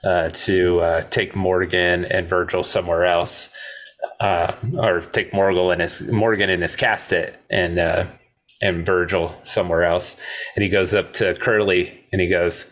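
Low-voiced man chatting about movies. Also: little pitch movement, unhurried, a bit bright. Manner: retells film scenes step by step, often laughing. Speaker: podcast co-host. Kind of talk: casual movie podcast chat.

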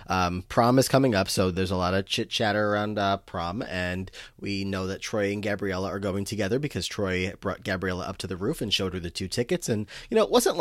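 Low-voiced chatty man co-hosting. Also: dry recording, studio quality. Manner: chatty, lots of fillers. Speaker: podcast co-host. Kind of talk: casual film recap chat.

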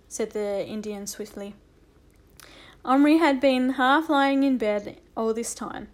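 A woman narrating a children's audiobook with a lively, expressive reading. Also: fairly high pitch, slow pace.

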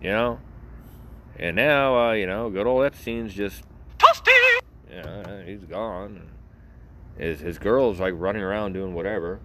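A man's voice: lowish voice, very animated, unhurried, pauses often, bright, forceful tone, slight background noise. A man from Florida, talking in a loose, profane, rambling monologue full of fillers. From Florida, United States.

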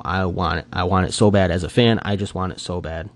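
A man chatting casually and rambling, full of fillers and restarts, his voice jumping up when he gets excited. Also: sits low, moderate pace, few pauses. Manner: animated fan gushing, voice jumps up when excited. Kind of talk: casual chat.

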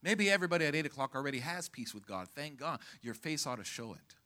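A man preaching a sermon as pastor, calling out to the congregation to respond and rising to shouts at the peaks. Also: fairly high pitch, lively intonation, fast talker. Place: church sanctuary.

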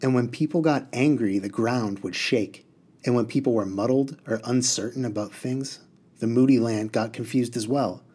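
Man reading a novel aloud. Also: mid-range voice. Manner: expressive reading that breaks off for class chat.

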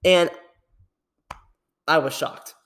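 A young man hosting a podcast, talking casually in a rambling, animated way and laughing often. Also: on the high side, extremely slow. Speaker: podcast host.

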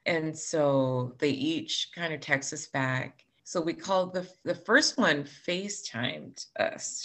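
A woman's voice: low voice, a bit bright. Candid woman telling a personal story. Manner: candid and emotional, laughs through hard moments. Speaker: cancer patient sharing her story.

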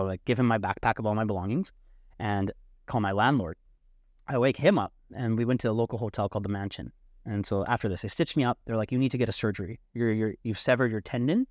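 A young man with a fairly low voice recounts a dramatic night in an animated, casual way, swearing freely and acting out what people said. The sound is dry and close, with no room around it. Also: dry recording. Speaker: podcast guest. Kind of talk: casual storytelling.

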